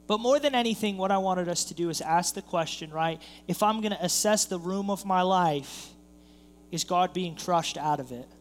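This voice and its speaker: A man's voice: sits high, normal speed, long reverb tail, slight background noise. A man preaching a sermon as a pastor, telling a story and acting out the voices of the people in it. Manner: storytelling, acts out quoted voices, builds in intensity. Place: church sanctuary.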